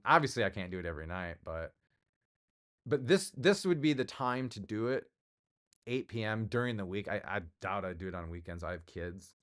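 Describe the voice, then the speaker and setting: A man's voice: fairly low pitch, fairly bright tone, clean tone. A middle-aged man hosting his own livestream, chatting casually in a rambling, jokey way and answering viewers. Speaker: livestream host.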